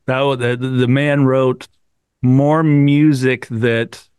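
A man's voice: mid-range voice, steady tone, slow pace, a little mellow, clean tone, dry recording. A man hosting a podcast in casual chat, enthusiastic and stumbling over his words. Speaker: podcast host.

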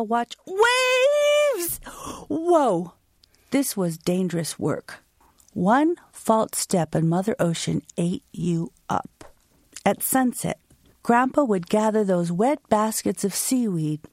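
Woman from the us telling a family story, slow and vivid, dry close mic. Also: mid-range voice, a little mellow, dry recording. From United States. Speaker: storyteller and interview guest. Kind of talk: performed personal storytelling.

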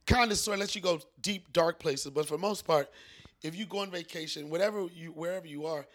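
A man's voice: fairly high pitch, fairly quick. A middle-aged man, a guest comedian, telling stories in a loose podcast chat and slipping into playful mock phrases. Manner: animated storyteller, slips into mock phrases and sing-song bits.

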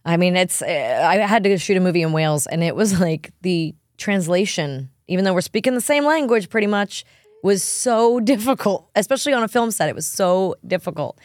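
A woman's voice: on the low side, animated, a little fast, a little mellow, no echo, clean studio sound. A woman hosting a podcast, chatting casually in a bubbly manner. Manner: bubbly, laughs often. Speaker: podcast host. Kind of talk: casual chat.

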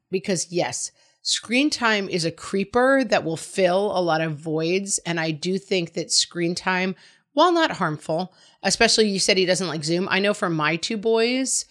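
A middle-aged woman with a fairly low voice talks through a listener's parenting question on her advice show. She sounds casual and reassuring, and she slips into quick asides that act out a worried parent. Her tone stays conversational throughout. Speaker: advice podcast host.

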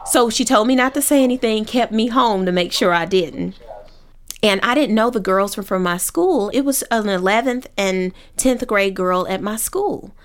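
A woman from Oakland telling a personal story in a vivid, animated way. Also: mid-range voice, normal speed. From Oakland, California.

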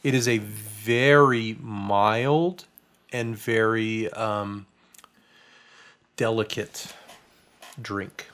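A man hosting a podcast as a spirits writer, explaining drinks in a relaxed, chatty way with plenty of fillers. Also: on the low side, very slow, pauses often. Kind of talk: casual tasting chat.

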